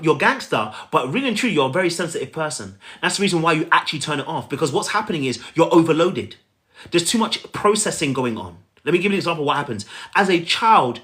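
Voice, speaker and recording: A man giving relationship coaching, talking straight to the viewer in an animated, repetitive way. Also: on the high side. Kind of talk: coaching talk to camera.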